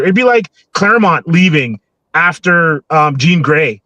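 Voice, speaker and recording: A man in a casual comics chat, telling a reflective story in a measured way. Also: a little high, expressive, sharp tone, no echo, rough recording.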